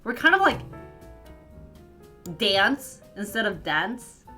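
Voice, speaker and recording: Talking a little slowly, a young northern U.S. streamer keeps her medium-pitched voice very animated and a bit bright. She giggles, chats away with her live viewers, and uses "like" as filler throughout, all over soft background music.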